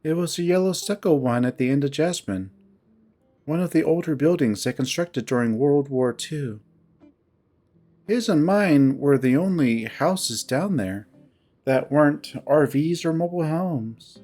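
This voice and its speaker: A guarded young fennec fox woman, voiced by a reader who keeps her remarks dry and short. Her voice still rises and falls in a lively way. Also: medium pitch, measured pace, faint music behind.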